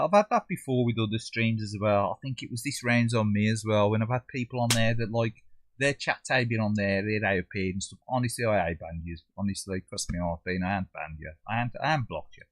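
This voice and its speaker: A man's voice: on the low side, brisk, no echo. Chatty Black Country man gaming live. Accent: Black Country English. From English Midlands. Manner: chatty, swears, drops into funny quoted voices. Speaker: livestream gamer. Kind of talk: casual chat while gaming, reading live chat.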